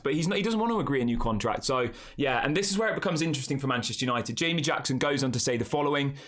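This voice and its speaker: A man's voice: medium pitch, a bit bright. A young man hosting a casual football live stream, chatting and talking straight to his viewers. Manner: chatty, addresses the chat as guys. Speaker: football channel host.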